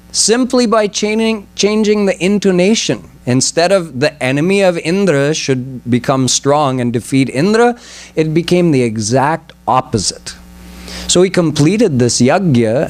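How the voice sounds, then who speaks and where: A man giving a spiritual lecture in a temple, explaining terms carefully and deliberately. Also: a little high. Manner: slow, deliberate, explanatory, stresses pronunciation. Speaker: swami giving a religious lecture. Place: temple hall.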